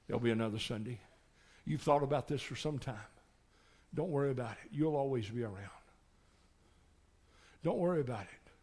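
A man preaching, voicing sly demons who coax a listener quietly. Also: fairly quick, pauses often, close to an everyday voice. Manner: soothing, coaxing, low. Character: sly coaxing demons of hell.

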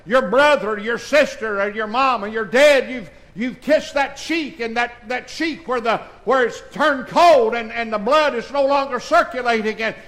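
A man preaches a sermon in a church. His voice sits high and rings bright. He swings from fervent shouting to soft, tearful confiding. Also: normal speed, few pauses, low-quality recording. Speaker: pastor. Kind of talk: emotional sermon. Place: church sanctuary.

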